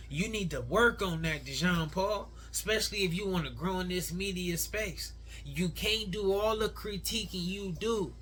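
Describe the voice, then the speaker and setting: Brief: male reaction commentator, bright tone, slightly high, opinionated and slangy. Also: slight background noise. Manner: opinionated, conversational, uses slang.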